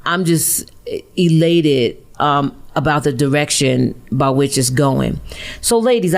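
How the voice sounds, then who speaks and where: A woman's voice: low voice, vocal fry. A woman hosting a studio podcast, speaking in an affirming, casual way with plenty of "um" and "you know". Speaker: podcast host. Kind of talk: casual studio talk show.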